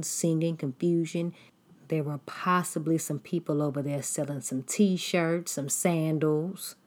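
Low, slow, husky woman preaching. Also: darkish tone. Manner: deliberate, emphatic, repetitive preaching cadence. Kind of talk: sermon.

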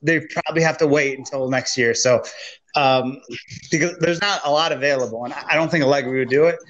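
A man hosting a football talk show, laying out his view in a measured way with frequent fillers. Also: fairly high pitch, a bit bright, muffled recording. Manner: measured, hesitant, many fillers. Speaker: sports talk show host. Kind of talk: hosting a sports discussion.

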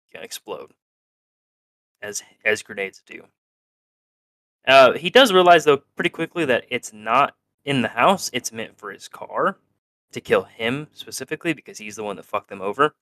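A man's voice: mid-range voice, animated, moderate pace, sharp tone, no room sound. A man co-hosting a podcast, recapping an episode in casual chat, laughing often and acting out characters' lines. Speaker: podcast co-host.

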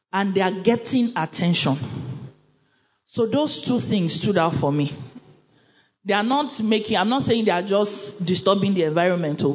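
A woman's voice: medium pitch, a little mellow, rough recording. A woman with a Nigerian accent presenting a book review at church in a conversational, emphatic way, often repeating herself and voicing little quoted asides.

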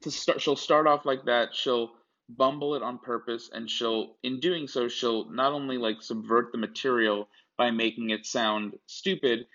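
A man's voice: medium pitch, fairly even intonation, unhurried, a bit bright. A man co-hosting a podcast in casual chat, rambling with many restarts and asides. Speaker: podcast co-host. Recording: dull lo-fi sound.

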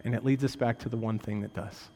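A male pastor preaching a sermon in a conversational way, tossing in "right?" asides and jokes, swinging from raised, intense emphasis to quiet, low stresses. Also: fairly even intonation, quick pace, long reverb tail.

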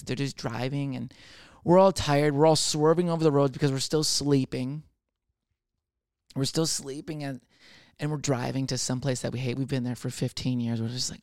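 A man's voice: medium pitch, fairly even intonation, darkish tone, dry recording. Young man, comedian, rambling monologue, swears a lot, dry sound. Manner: rambling, profane, acts out quick voices.

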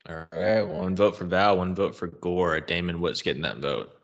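A man's voice: sits low, normal speed, highs cut off. A man co-hosting a podcast, chatting casually and ranting his opinions with frequent swearing. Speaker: podcast co-host.

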